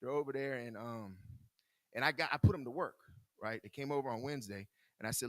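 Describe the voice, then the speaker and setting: A man shares his own story with a group in a loose, candid way, laughing often and repeating himself as he talks. His voice sits at an ordinary middle pitch and sounds close and dry, with almost no room around it. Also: fairly quick, a bit bright, no echo. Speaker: speaker in recovery sharing his story. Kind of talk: personal storytelling to a live group.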